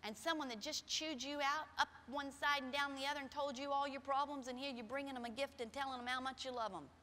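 With a high-pitched, steady tone and a fast delivery, a middle-aged female pastor gives a sermon full of personal stories, swinging from quiet softness to loud emphasis. She's recorded in a church sanctuary with long hall reverb.

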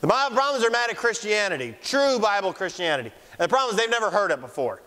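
A man preaching a fiery sermon in church, mocking opponents and shouting for emphasis. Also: high voice, sing-song, quick pace. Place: church sanctuary. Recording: long church hall reverb.

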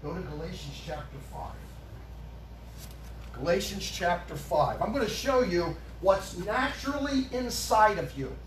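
Male pastor, sermon, very high voice, echoey church, distant mic, faint background noise. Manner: emphatic, calls out questions to the congregation; rises to shouting at times. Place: church sanctuary. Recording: echoey room, far from the mic.

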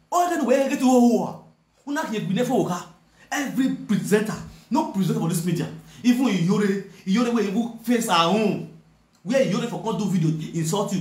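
In an echoey room, a man with a high-sitting voice and a Nigerian Pidgin English accent scolds someone head-on. He's an online video presenter, and his direct-to-camera message is a repetitive, combative rant.

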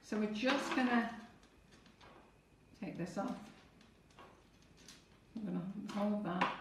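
A woman's voice: mid-range voice, slow, distant mic, very noisy. A woman teaching cake decorating on a live stream, chatting to viewers as she works through each step. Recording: echoey room, away from the mic.

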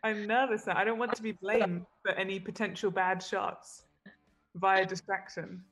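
A woman hosting and commenting on a golf match, calmly explaining and clarifying. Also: medium pitch, normal speed, soft background music. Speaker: host and commentator.

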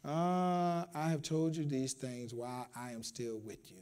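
A man preaching a sermon to a congregation in a call-and-response style, repeating phrases and building up to shouts. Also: mid-range voice, little pitch movement, a little slow, smooth. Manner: repeats words, talks straight to the congregation. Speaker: pastor. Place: church.

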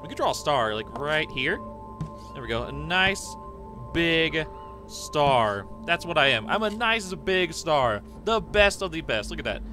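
A young man hosting a let's play of a horror game, excitable and jumpy, yelping and chattering to viewers. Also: fairly high pitch, unhurried, over music. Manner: excitable, jumpy, laughs and yelps often. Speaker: gaming channel host.

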